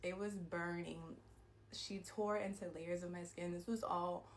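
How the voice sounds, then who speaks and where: A woman telling a personal story to her viewers in a storytime vlog, animated and peppered with "like" and swearing. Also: fairly low pitch, a little slow, a little hiss or hum. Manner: animated retelling, heavy use of "like", frequent swearing. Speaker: vlogger.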